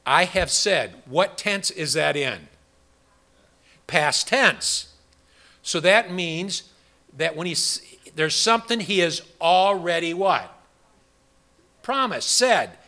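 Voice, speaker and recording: A man's voice: high voice, pushed and bright. A man preaching an interactive Bible study sermon, rambling with restarts and quizzing his congregation with questions.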